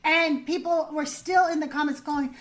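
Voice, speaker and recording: A woman hosting a live call-in show, telling stories in an animated way and laughing often. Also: high voice, moderate pace. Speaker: host.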